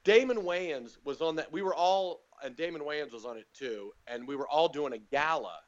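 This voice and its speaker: A man's voice: normal speed, dull audio. A man telling stories as a comedian guest on a podcast, casually acting out other people's lines with big jumps in his voice. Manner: animated storyteller, acts out quotes with big pitch jumps.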